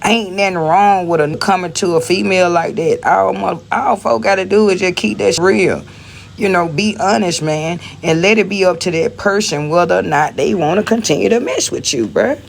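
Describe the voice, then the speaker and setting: A woman with a gravelly, fry-tinged voice rants on a phone livestream. She is blunt and rambling, circling back over the same points. Faint noise hums underneath. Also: on the low side, normal speed. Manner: blunt, rambling, repeats herself. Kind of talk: casual livestream rant.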